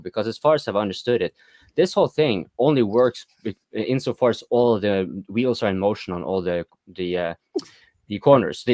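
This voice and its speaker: A man's voice: on the low side, darkish tone, no room sound. A man in a live online debate, asking questions loosely and searching for his words. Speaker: call-in participant. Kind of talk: casual debate on a live call.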